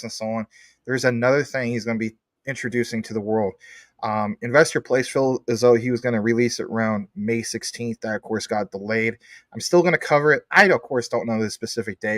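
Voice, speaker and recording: A man's voice: mid-range voice, no echo, studio quality. Upbeat man hosting a livestream. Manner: upbeat, reads viewer comments aloud. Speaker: livestream host. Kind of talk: casual livestream chat reading comments.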